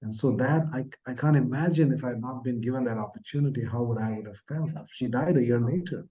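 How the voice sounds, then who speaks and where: Older guest from India, mellow earnest storyteller, muffled lo-fi audio. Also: male voice, medium pitch, fast. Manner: earnest, soft-spoken, trailing off at phrase ends. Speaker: podcast guest, author. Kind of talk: reflective storytelling in an interview.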